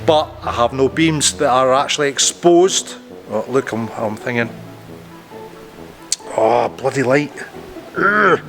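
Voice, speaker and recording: A man talks casually to the camera while working on his boat, at an ordinary middle pitch. He keeps losing his words, laughing off and grumbling at his own slips. Faint music plays underneath. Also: slow, long pauses, a bit bright. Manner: stumbling, self-mocking, swears at his own slips. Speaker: boat-building vlogger. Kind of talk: casual to-camera vlog outtakes. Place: aboard a boat under construction, indoors.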